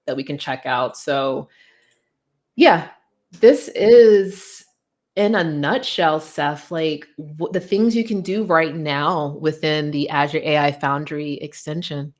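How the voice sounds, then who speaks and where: A young woman giving a casual software demo, chatty and loose, with plenty of fillers as she walks through the steps. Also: deep voice, slow pace. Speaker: guest presenter demoing software. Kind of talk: casual tech demo chat.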